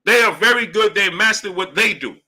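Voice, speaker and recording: A man's voice: high voice, lively intonation, a little fast, pushed and bright. A man hosting a boxing live stream, arguing emphatically with rhetorical questions and reading out super chats. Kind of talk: heated live-stream commentary.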